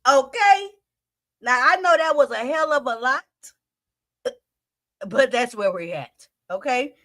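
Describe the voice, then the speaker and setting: A woman's voice: high voice, lively intonation, a little slow, long pauses, bright, forceful tone. A woman hosting a storytime video, recapping a clip in blunt, profane, incredulous casual commentary.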